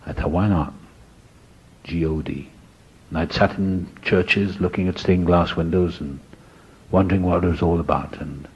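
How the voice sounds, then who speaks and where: An older man telling a personal story in a husky voice, acting out the people he quotes and dropping to a hush at moments. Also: sits low, muffled recording.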